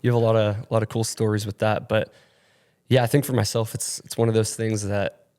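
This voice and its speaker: A man's voice: on the low side, flat delivery, a little fast, darkish tone. A young man from upstate New York, co-hosting a podcast in a rented studio. He sounds nasal and congested from allergies and rambles loosely, with lots of fillers and laughs. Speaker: podcast co-host. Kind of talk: casual chat.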